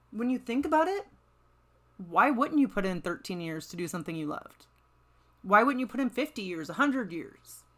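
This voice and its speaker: A woman hosting her own motivational podcast, her voice sitting a little high. She talks in a casual, upbeat way, full of "like" and "right?", and keeps nudging the listener to get going. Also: fairly bright tone. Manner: upbeat, encouraging, chatty with frequent "right?" and "like". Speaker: podcast host. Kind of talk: motivational solo podcast talk.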